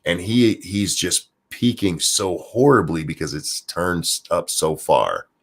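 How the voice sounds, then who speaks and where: A man's voice: sits low, animated, unhurried. A man hosting a casual podcast chat, bantering in a crude, joking way. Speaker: podcast host and streamer.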